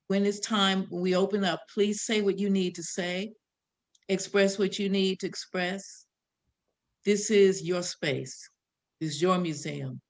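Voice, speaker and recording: Older lady w/ chicago accent, gravelly, pausing to riff as she hosts. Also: on the low side. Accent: South Side Chicago. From American Midwest. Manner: reflective, riffing, with pauses. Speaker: host. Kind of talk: hosting an online panel.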